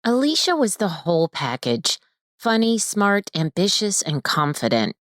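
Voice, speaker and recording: A woman podcast host delivering scripted true-crime narration in a measured, deliberate way. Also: medium pitch, very animated, fairly bright tone, no room sound, clean studio sound.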